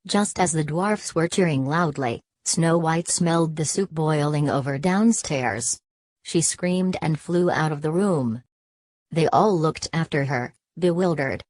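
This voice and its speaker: A woman narrating a children's storybook in an even, scripted reading voice. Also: deep voice, a little slow, dry recording.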